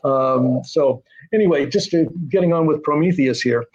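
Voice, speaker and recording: A man's voice: on the high side, normal speed, darkish tone, breathy edge. An older man talking as a guest about his screenwriting, telling stories in a rambling way with many hesitations. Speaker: guest, TV writer-director. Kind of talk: casual interview chat. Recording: dull lo-fi sound.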